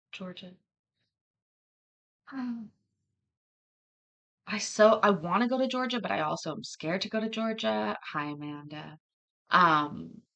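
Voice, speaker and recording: A woman's voice: low voice, sharp tone, lo-fi sound. A woman hosting a livestream, chatting casually and rambling, often laughing between thoughts. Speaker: livestream host.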